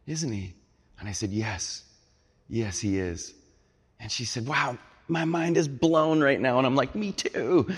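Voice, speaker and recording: A man preaching a sermon, telling a story and then building to earnest appeals. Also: lowish voice. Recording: long hall reverb.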